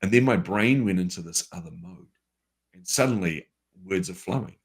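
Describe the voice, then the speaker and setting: A man with a New Zealand accent, a guest telling a story from his life in a lively, casual way with everyday fillers. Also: sits low, moderate pace, slightly rough. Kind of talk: conversational storytelling.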